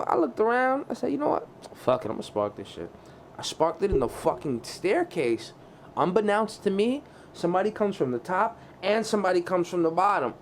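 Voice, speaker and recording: A man's voice: high-pitched, a little hiss or hum. Rambling, cursing man telling stories. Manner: profane, rambling storyteller with many restarts. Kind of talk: casual podcast chat.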